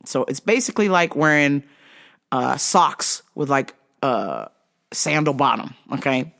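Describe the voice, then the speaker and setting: A vlogger telling a casual, profane story in an animated way, acting out the people in it. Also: medium pitch, a little slow, vocal fry. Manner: animated and profane, acts out quotes.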